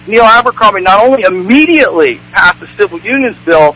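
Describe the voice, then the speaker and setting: A male caller talks on a radio show. His voice is high and bright, and he is earnest and hesitant, with many restarts and "you know"s. The sound is a radio call-in line. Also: expressive, fairly quick, slightly rough, low-quality recording.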